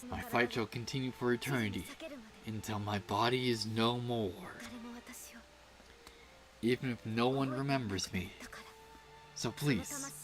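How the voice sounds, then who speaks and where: A woman voicing a solemn ancient female demon slayer who consumes souls, speaking gravely and with resolve. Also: rumbling low, measured pace, long pauses, faint music behind. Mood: tearful farewell.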